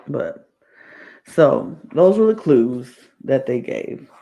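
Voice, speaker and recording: A woman's voice: extremely low pitch, sing-song, slow pace, mellow, muffled recording. A woman hosting a podcast, recapping a reality show in a casual, rambling way and often repeating herself. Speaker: podcast host.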